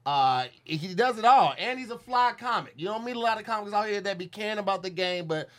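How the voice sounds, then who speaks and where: A man's voice: high-pitched, animated, fairly quick, fairly bright tone. A man hosting a comedy podcast, introducing guests and joking around in casual banter. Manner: hype, playful, laughs often. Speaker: podcast host.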